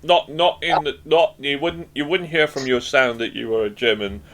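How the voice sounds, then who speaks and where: A male interview host with a medium-pitched voice. He asks long, winding questions and keeps breaking off to restart them. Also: steady tone, moderate pace, fairly bright tone. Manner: rambling, restarts questions mid-phrase.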